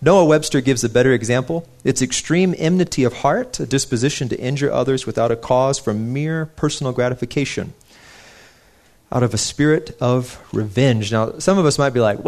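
A man's voice: mid-range voice, moderate pace, a little mellow. Young male preacher, earnest and conversational, mid-range voice, sermon delivery. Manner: earnest, conversational, with frequent restarts and personal stories.

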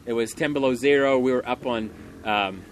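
A man delivering an earnest, emphatic sermon, speaking loudly so everyone can hear. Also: medium pitch, normal speed, slight background noise. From Montana. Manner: earnest, emphatic, loud to carry in a room. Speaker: preacher.

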